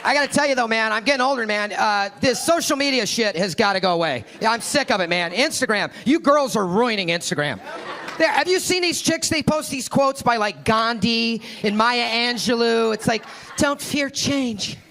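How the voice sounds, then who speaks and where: Brash high-voiced male stand-up comic. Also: expressive, brisk, sharp tone. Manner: brash and profane, crowd-working. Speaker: stand-up comedian. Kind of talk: stand-up set. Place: comedy club stage. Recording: live club with crowd noise. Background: audience laughter and room noise.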